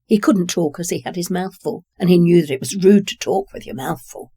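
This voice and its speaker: A calm narrator reading a short story at a measured pace. The voice is mellow and warm, recorded close and dry with no room sound. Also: mid-range voice, breathy edge, no room sound.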